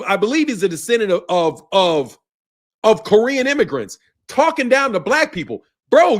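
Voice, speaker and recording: A high-voiced American man rants on his boxing livestream. He is middle-aged, swears constantly and argues hard with the comments coming in. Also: fairly bright tone. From United States. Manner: profane, combative, talks back to chat. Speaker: boxing channel host. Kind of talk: heated livestream rant reading chat.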